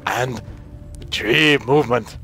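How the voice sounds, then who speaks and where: A man putting on a mock Mongolian accent to voice a gruff, angry man reading out a strategy. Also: mid-range voice, slow, pushed and bright, faint music behind, heavily acted. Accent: put-on Mongolian accent. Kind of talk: comic voice reading a viewer's message.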